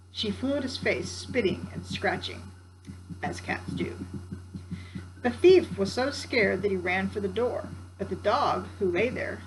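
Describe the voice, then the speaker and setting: A woman's voice: medium pitch, noisy background. An older woman, a grandmother, reading a children's story aloud with chatty asides to her grandsons. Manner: warm chatty asides to the listener.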